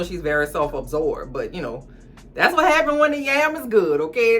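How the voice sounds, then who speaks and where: Bright chatty woman doing a tv recap rant at home, slangy and animated, bit of music under it. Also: lowish voice. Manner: animated, slangy, chatty, talks to viewers as cousins. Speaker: TV recap vlogger.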